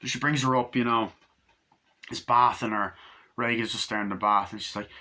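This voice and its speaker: A man's voice: lowish voice, steady tone, moderate pace, pushed and bright. A young man casually reviewing a film, rambling with lots of fillers and offhand swearing.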